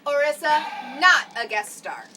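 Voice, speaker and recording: A woman's voice: sits high, sing-song, measured pace. A woman playing a tabletop game, talking in a teasing, laughing way. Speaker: player. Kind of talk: casual tabletop play. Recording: distant mic, loud background noise.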